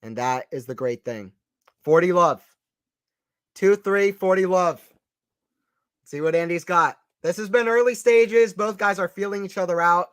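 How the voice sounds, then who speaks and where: Excitable man calling tennis play-by-play. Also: sits high, measured pace, long pauses, clear, resonant tone, no echo. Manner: excited, chatty, repeats phrases, reads out chat. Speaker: live stream commentator. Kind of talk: casual play-by-play tennis commentary.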